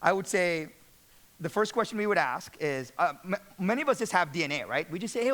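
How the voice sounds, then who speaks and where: A man giving an energetic motivational business talk to a live audience, often repeating words and asking the crowd questions. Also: high voice, a little fast. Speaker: speaker addressing real estate managers.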